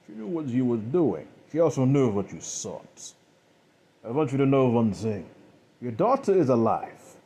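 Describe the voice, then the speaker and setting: A man plays a menacing killer who never raises his voice. He speaks slowly and in measured tones, with cold mockery. His voice is husky and breathy. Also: mid-range voice, big pitch swings, dark tone. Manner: slow, measured, coldly mocking. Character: calm, menacing male killer, cold and contemptuous.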